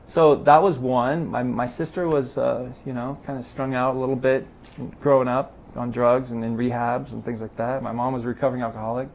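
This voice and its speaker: Middle-aged man telling animated stories. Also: mid-range voice, fairly quick, gravelly, a little hiss or hum. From Los Angeles. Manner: animated storyteller acting out quoted dialogue. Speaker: interview guest, triathlon club president. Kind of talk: casual storytelling interview. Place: garage.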